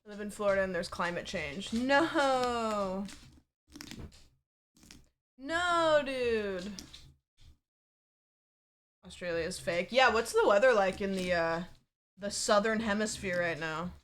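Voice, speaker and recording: A woman's voice: medium pitch, fairly quick, a little hiss or hum. Chatty woman streamer, rambling casual talk. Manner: rambling, chatty, peppered with "like" and swearing. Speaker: livestreamer. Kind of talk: casual livestream chat.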